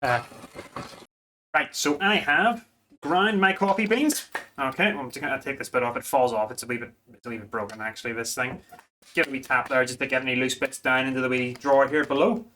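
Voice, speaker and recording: Male food vlogger, mid-pitched, chatty and self-mocking, talks to camera while cooking. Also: a little fast, pushed and bright, slight background noise. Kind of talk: casual home cooking demo.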